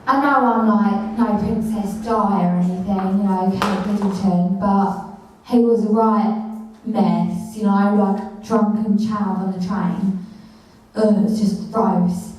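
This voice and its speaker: A woman's voice: mid-range voice, fairly even intonation, slow, a little mellow, a little hiss or hum, close to an everyday voice. A young woman, acting out a slangy, dismissive girl ranting about a man on a train in an improvised comic monologue. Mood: gossipy. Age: young adult. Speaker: student actor. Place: university rehearsal room. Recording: echoey rehearsal room, mic far off.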